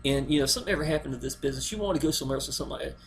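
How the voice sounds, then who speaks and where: Talking rapid-fire at medium pitch, a man promotes a network marketing plan directly to the viewer in a casual video pitch. He's folksy and rambling, with "y'all" coming up again and again, and there's a little hiss or hum in the audio.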